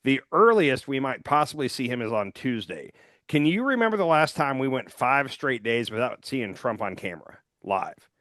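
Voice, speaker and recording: Talking politics on a podcast he co-hosts, this man has a medium-pitched, fairly bright voice that's very animated at normal speed. His loose, rambling chat is stuffed with "like" and "um," captured in studio quality without echo.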